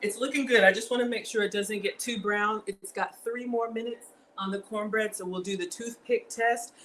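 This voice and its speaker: A woman's voice: medium pitch, steady tone, normal speed, fairly bright tone, a little hiss or hum, rough recording. A woman, cooking at home on a livestream, chatting and thanking her viewers. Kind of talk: casual livestream cooking chat. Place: home kitchen.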